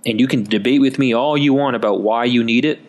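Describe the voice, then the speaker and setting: A man's voice: medium pitch, fast talker, lightly acted. A man voicing a stern but loving fatherly God who speaks firmly and patiently to a pouting child. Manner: firm, patient, reassuring.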